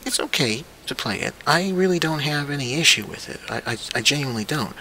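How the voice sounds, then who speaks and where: A man's voice: fairly high pitch, pushed and bright, slight background noise. A young man hosting his own vlog, talking in a casual, profane and incredulous rant. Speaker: vlog host.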